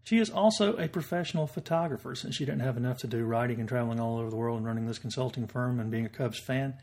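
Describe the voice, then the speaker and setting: A man hosting a podcast, introducing his guest and asking questions in a measured way. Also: mid-range voice, a little mellow. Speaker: podcast host.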